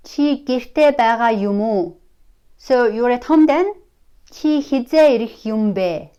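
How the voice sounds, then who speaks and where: A woman's voice: fairly high pitch, lively intonation, warm tone, clear, resonant tone, muffled recording. Woman teaching. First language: Mongolian. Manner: slow, careful, repeats example phrases. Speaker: language teacher. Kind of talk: pronunciation lesson.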